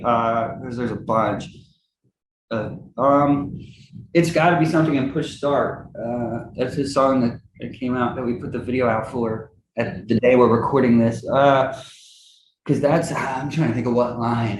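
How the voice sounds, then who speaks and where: A man talks loosely about his music in a relaxed, animated way. His voice sits at a middling pitch, and the room around him rings with a faint background hum. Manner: animated, acts out quoted friends in high voices, laughs often. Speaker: musician guest. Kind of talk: casual interview chat. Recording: roomy with faint ambience.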